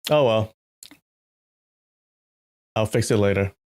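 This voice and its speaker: Chatty low-voiced man live streaming. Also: slow pace. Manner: chatty, greets chat by name, animated asides. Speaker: live-stream host reading a novel. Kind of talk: casual live-stream chat.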